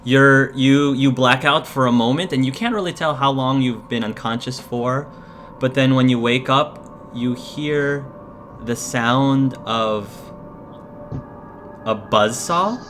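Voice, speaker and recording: A man narrating a horror scene as game master, slow and hesitant, with frequent fillers. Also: mid-range voice, fairly bright tone, a little hiss or hum.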